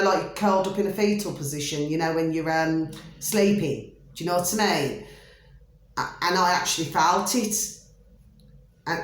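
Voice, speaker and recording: A woman telling a long personal story in a rambling, chatty way, repeating herself and saying "you know" again and again. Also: fairly low pitch. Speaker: storyteller sharing a personal experience. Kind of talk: rambling casual monologue. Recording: very echoey room.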